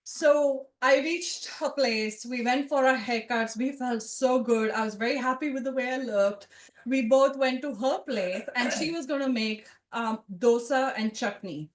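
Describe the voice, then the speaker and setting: Une conteuse d'une quarantaine d'années raconte un souvenir personnel devant un public, sur un ton animé et familier. Sa voix est assez aiguë. La salle renvoie un écho marqué. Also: female voice, a little high, unhurried, echoey room. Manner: conversational, animated, with asides to the audience. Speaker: storyteller. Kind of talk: personal storytelling to a live audience. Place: event room with a live audience.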